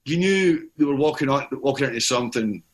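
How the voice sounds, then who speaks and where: A man's voice: mid-range voice, expressive, fairly quick. A middle-aged man talking as a podcast guest in a rambling, stop-start way, often repeating his words. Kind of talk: casual conversation.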